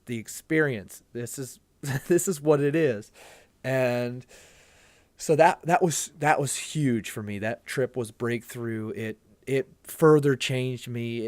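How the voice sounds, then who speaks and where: A man's voice: medium pitch, a little mellow, no echo. Earnest rambling man, very dry sound. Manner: rambling, earnest storytelling with many restarts. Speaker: podcast guest. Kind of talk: casual conversation.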